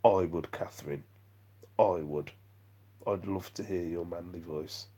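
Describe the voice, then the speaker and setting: Man, young adult, live-stream vlogger, self-deprecating, breathy husky tone. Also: low voice, fairly even intonation, unhurried, dark tone. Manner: rambling, self-deprecating, chatty. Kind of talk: live-stream chat reading comments.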